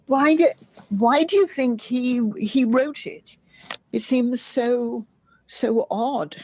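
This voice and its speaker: Slow, husky woman musing aloud. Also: on the high side, a little mellow, no room sound. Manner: musing, halting. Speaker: participant asking a question. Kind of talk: discussion question.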